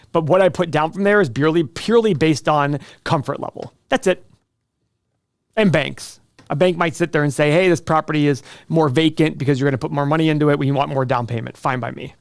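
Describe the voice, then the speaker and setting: Middle-aged male host, slightly high voice, dry close sound, joking and self-mocking. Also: dry recording. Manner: joking, self-deprecating, quick asides. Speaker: show host answering viewer questions. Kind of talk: casual livestream chat.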